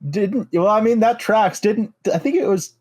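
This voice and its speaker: A young man co-hosting a podcast, teasing and animated, breaking into quick laughter. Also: sits high. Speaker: podcast co-host. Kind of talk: casual podcast banter.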